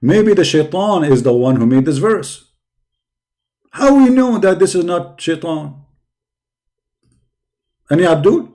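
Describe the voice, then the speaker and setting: Sarcastic man with a high, lively voice. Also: measured pace, pauses often. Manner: sarcastic, mocking, repetitive emphasis. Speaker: religious debater. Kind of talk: polemic talk.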